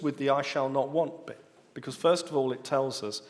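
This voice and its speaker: Guy preaching a sermon in a church hall, mid pitch, long echo, explains things step by step. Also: moderate pace. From United Kingdom. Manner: explanatory teaching, rising emphasis on key words.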